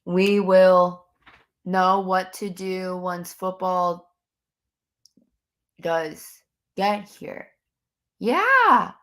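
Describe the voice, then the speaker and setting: A woman's voice: fairly low pitch, expressive, drawn-out words, long pauses, a bit bright. A young woman hosting a casual sports live stream from home, bubbly and chatty, talking straight to her viewers. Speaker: sports podcast host. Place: home room near window.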